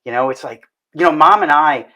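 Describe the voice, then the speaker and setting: A man's voice: on the high side, brisk, sharp tone. A man hosting a casual talk show, joking and stumbling over his words. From northern United States. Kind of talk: casual chat.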